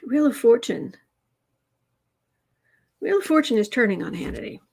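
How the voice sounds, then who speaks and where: A woman's voice: fairly high pitch, very animated, normal speed, creaky, darkish tone, slightly rough. A woman hosting a tarot livestream, chatting casually, telling anecdotes and reading out viewer comments. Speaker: tarot reader and livestream host.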